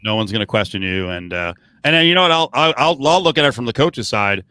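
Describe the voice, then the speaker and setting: A man co-hosts a casual sports podcast, his voice bright and forceful. He rambles with restarts and fillers and swears freely. The sound is close and dry, with no room around it. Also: medium pitch, lively intonation, fast talker, clean tone, dry recording. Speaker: podcast co-host.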